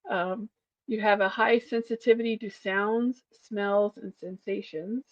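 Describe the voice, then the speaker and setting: A woman co-hosting a casual podcast, speaking softly as she works through a list and ties each point to her own life. Her recording is a bit muffled and lo-fi, and the sound is dry with no room echo. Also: medium pitch, fairly even intonation, measured pace. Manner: soft-spoken, reads points then relates them to herself. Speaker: podcast co-host. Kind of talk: casual chat, reading a list aloud.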